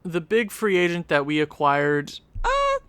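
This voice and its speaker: A man's voice: sits high, wildly swooping pitch, unhurried, a bit bright, clean tone, dry recording. A man giving casual, rambling commentary while he plays a video game, correcting himself as he goes. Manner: rambling, chatty, self-interrupting. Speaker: gaming channel host.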